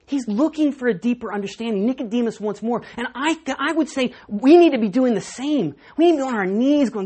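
Husky-voiced woman preaching a sermon. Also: fairly high pitch, lively intonation, a little fast, few pauses, warm tone. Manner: conversational, self-deprecating storytelling.

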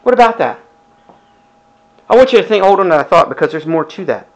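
A man's voice: sits high, big pitch swings, fairly quick, dull audio. Man preaching with rhetorical questions. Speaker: pastor. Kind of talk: sermon.

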